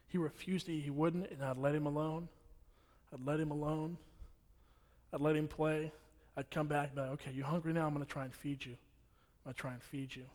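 A man's voice: fairly high pitch, a little mellow. A young man preaching a sermon in a church, blunt and repetitive, hammering his warnings home. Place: church hall. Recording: long hall reverb.

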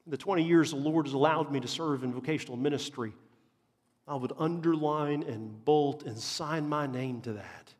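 A man's voice: a little high, moderate pace, slightly rough. A man, preaching a sermon as a pastor in an earnest, emphatic way and repeating phrases for stress. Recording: long reverb of a large hall.

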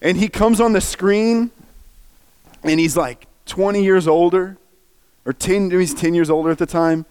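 A man's voice: high-pitched, steady tone, a little slow, a little mellow, clear, resonant tone. A man preaching, earnestly and emotionally retelling a story with feeling. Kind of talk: sermon storytelling.

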